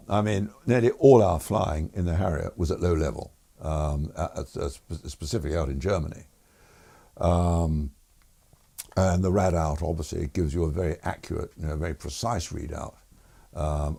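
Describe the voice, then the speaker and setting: An older retired air force officer, deep-voiced and gravelly, sits as a guest in a relaxed interview full of anecdotes. He chuckles through his stories with plenty of fillers and restarts, speaking at a normal, mellow pace.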